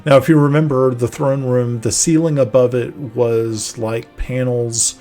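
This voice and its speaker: A man narrating a tabletop game as game master, halting and searching for words mid-sentence. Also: medium pitch, fairly even intonation, mellow.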